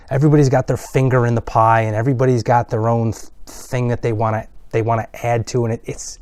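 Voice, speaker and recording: Guy venting on his vlog, rambly and fed up, mellow voice, dry close sound. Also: mid-range voice, dry recording. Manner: exasperated, rambling, mocking voices of others. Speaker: video blogger. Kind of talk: casual ranting monologue.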